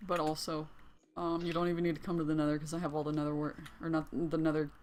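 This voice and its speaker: A woman's voice: low voice, flat delivery, fast, noisy background. A woman in casual gaming chat, teasing her friends in playful banter. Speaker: gamer.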